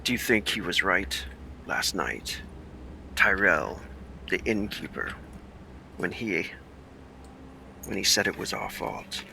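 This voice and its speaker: A man voicing a wary human ranger who speaks low and gravely, as if sharing a secret. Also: expressive, slight background noise, heavily acted. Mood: brooding. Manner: hushed, grave and deliberate. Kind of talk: tabletop role-play acting.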